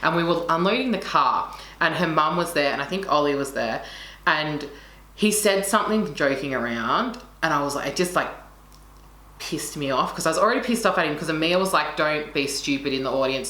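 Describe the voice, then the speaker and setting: A young woman with a low-pitched, pushed and bright voice tells a story briskly in casual chat, passionate and swearing freely while acting out what people said. The recording is in an echoey room with faint noise.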